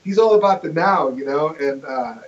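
A fairly high-pitched man who rambles with enthusiasm, restarting his sentences as he tells a story. The recording sounds dull and lo-fi. He sounds like a fan who is excited to be there. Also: normal speed. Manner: enthusiastic, rambling, self-correcting. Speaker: guest. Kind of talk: casual storytelling chat.

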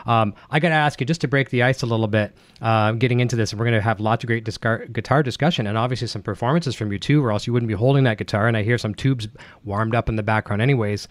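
A man's voice: mid-range voice, fast talker, dry recording. A man hosting a live-streamed interview, upbeat and enthusiastic as he chats with his guest. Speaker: livestream host.

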